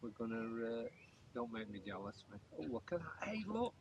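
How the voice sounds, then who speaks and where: A man's voice: medium pitch, sing-song, moderate pace, recorded from a distance, over a noisy crowd. A middle-aged man, chatting in an easygoing way as a motorhome travel vlogger. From England. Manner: easygoing, hesitant with fillers. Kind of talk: casual chat.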